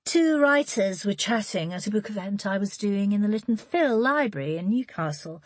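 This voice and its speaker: A woman voicing a thoughtful woman writer who speaks in a gentle, measured way, in an audiobook reading. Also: medium pitch, lively intonation, dry recording, voice pushed up, natural voice.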